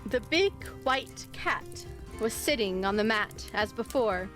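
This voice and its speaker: A woman reading a spooky story aloud on a live stream, expressive in how she voices the dialogue. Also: on the high side, slow pace. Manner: expressive, lively voicing of dialogue. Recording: faint music behind.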